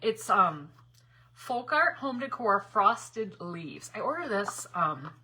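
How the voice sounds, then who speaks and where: A woman's voice: medium pitch, very animated, takes it slowly, pushed and bright, a little hiss or hum. A middle-aged woman hosting a live crafting stream, chatting bubbly with viewers, rambling and laughing often. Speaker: craft livestream host.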